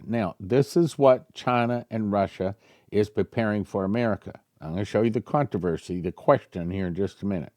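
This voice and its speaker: A male pastor reading a prophecy aloud to his congregation and commenting on it, growing louder on the quoted passages and musing in the asides. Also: on the low side, brisk, dry recording, clean studio sound. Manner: animated, rising loud when reading quotes, musing asides.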